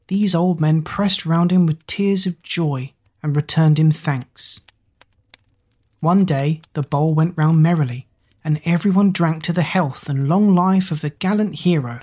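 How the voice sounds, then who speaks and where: Breathy, measured storybook narrator. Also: medium pitch, a little mellow.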